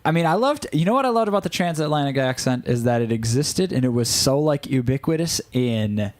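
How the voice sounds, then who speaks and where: A man co-hosting a relaxed online chat show, quick with a joke and a playful aside. His voice has a plain middle pitch, and he keeps the tone light throughout. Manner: playful, jokey banter. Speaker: co-host. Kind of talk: casual chat.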